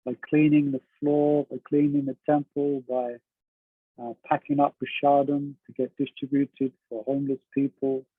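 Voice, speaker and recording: A husky-voiced man leads a class at a middle pitch, talking easily and often checking in with his listeners. The sound is dry and narrow, as if heard over a phone line. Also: little pitch movement, moderate pace, no echo. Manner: conversational, asks the class questions, laughs often. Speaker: teacher. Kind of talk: class on a devotional text.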